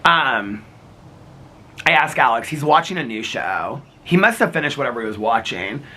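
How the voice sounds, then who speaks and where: A man's voice: mid-range voice, animated, moderate pace, pushed and bright, a little hiss or hum. A middle-aged man vlogging in a rambling casual chat, laughing often as he talks.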